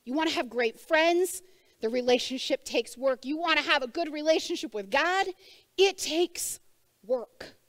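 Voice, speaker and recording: Woman preacher, high voice, dry close sound, chatty sermon style that asks the room questions. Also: lively intonation, measured pace, no echo. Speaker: church speaker. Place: church service before a congregation.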